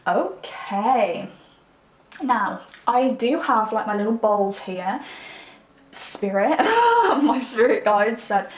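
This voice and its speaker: A woman's voice: on the high side, big pitch swings, slow pace. A woman giving a tarot card reading, talking in a chatty, intimate way and checking in with her listener. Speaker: tarot reader. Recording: echoey room.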